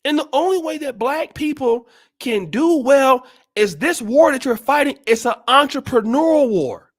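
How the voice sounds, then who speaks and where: Male vlog host, very high voice, preachy and forceful, tough-love rant. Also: expressive, normal speed. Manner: blunt, scolding, repeats rhetorical questions. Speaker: channel host. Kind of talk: blunt motivational monologue.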